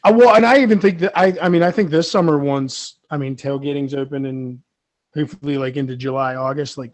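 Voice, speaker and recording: A man guesting on a podcast over a video call, chatting in an excited, joking way. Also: medium pitch, dry recording. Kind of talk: casual chat.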